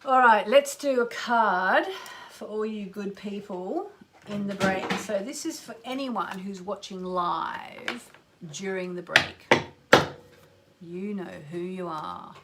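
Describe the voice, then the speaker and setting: A middle-aged Australian woman hosts a live astrology show in a lively, chatty way. She talks through oracle card readings and greets her listeners warmly by name. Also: mid-range voice, slow, heavy background noise.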